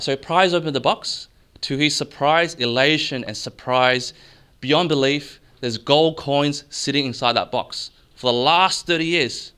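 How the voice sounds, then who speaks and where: A man giving an energetic, salesy seminar talk, asking the crowd questions. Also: on the high side, measured pace, clear, resonant tone. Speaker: mortgage broker giving an expo talk. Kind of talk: live seminar presentation to an audience.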